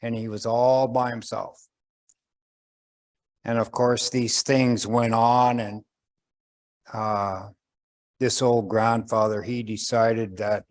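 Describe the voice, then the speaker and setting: Older male storyteller, unhurried, gentle, pauses and fillers, folk tale delivery. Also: on the low side, fairly even intonation. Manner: slow, gentle, pausing with fillers, voices characters. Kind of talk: traditional oral storytelling.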